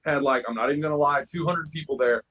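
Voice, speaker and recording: Brief: husky-voiced male band vocalist, loose and profane podcast chat. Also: a little high, fast talker, bright, forceful tone, lo-fi sound. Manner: loose, profane, says bro a lot.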